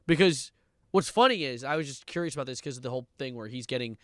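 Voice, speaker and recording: A young man streaming live and reacting to online content, ranting sarcastically, swearing and breaking into loud outbursts. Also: medium pitch, animated, quick pace, no room sound. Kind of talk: livestream reaction commentary.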